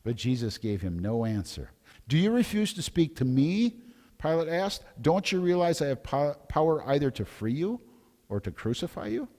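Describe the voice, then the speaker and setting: A man as pastor reading a scripture passage, raising his voice for the crowd's shouts. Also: a little high, big pitch swings, normal speed, in a large hall. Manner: dramatic, raising voice for crowd lines.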